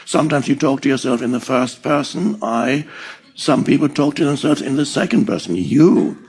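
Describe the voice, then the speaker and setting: An older man giving a slow, reflective spiritual talk, pausing often and chuckling softly. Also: mid-range voice, breathy edge. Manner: slow and deliberate, with soft chuckles. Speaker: spiritual teacher.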